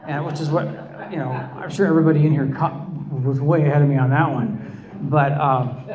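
A middle-aged man shares his personal story with a room full of listeners, his voice sitting a little high for a man. He talks with wry, self-mocking humor and stops and restarts often. The sound carries an echoey room. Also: steady tone, brisk, a crowd in the background. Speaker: speaker sharing his recovery story.

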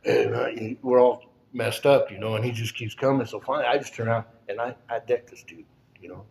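A man in his sixties telling a personal story in a halting way, full of "and, uh", often sinking almost to a whisper. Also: medium pitch, steady tone, vocal fry, darkish tone. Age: 60s. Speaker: storyteller recounting his past. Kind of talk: personal testimony.

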